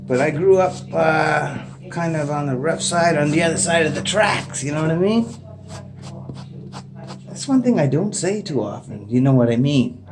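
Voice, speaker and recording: A man's voice: a little high, darkish tone. Rambling laid-back Canadian man. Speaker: vlogger. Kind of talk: casual unscripted chat to camera. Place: indoors at home. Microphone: phone propped up facing him.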